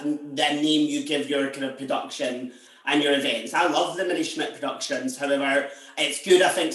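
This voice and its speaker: A young man with a fairly high voice hosting a casual podcast. He gushes, talks effusively and breaks into quick laughs as he introduces his guest. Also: fairly bright tone. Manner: gushing, effusive, laughs often. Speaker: podcast host.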